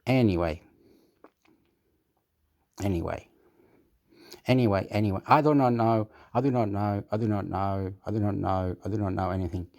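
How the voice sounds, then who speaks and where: A man's voice: on the low side, normal speed, long pauses, darkish tone. A man rambling in a casual vlog monologue, repeating himself and jumping between thoughts. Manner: repetitive, rambling, erratic. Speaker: YouTube vlogger. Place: Australia.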